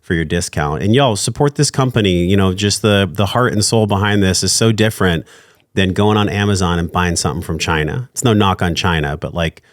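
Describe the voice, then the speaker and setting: A man hosting a podcast, talking in an earnest, heartfelt way and thanking his guest warmly. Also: low-pitched, brisk, dry recording, clean studio sound. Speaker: podcast host. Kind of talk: casual interview chat.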